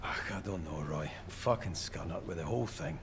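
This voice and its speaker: A gravelly, sweary Scottish rig electrician. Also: male voice, sits low, fairly quick, slight background noise. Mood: grim. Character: gruff male Scottish rig electrician, hot-tempered. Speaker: game character. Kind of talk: video game voice acting.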